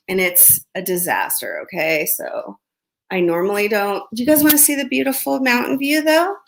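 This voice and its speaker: A woman's voice: fairly high pitch, gravelly, a bit bright. A woman casually chatting on a live stream from her home, reading viewer comments and gossiping while eating breakfast. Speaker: livestream host. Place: home under construction. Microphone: phone.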